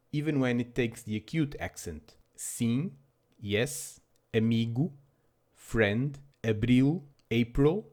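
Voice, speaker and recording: A man's voice: medium pitch, a little mellow. A man narrating a scripted language lesson with dry, self-deprecating humor. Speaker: language teacher.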